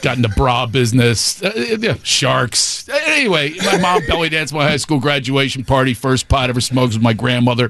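A man's voice: mid-range voice, moderate pace, hardly any pauses, a little hiss or hum. A man telling self-mocking comic stories as a guest on a radio show. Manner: animated, self-mocking, laughing through his stories. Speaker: guest comedian.

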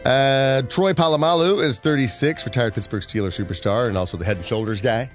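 A man's voice: mid-range voice, brisk, soft background music. A man co-hosting a radio show, bantering casually and reading celebrity birthdays with wry quips.

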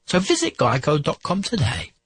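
A man reading a wry scripted radio ad in a husky voice. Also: fairly high pitch, wildly swooping pitch, normal speed, fairly bright tone, no echo, heavily acted.

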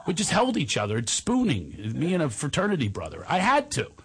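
A man's voice: fairly high pitch, huge pitch swings, a little fast, creaky, noisy background. A middle-aged man telling comic, self-mocking anecdotes on a talk show, slipping into voices as he goes. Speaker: guest storyteller.

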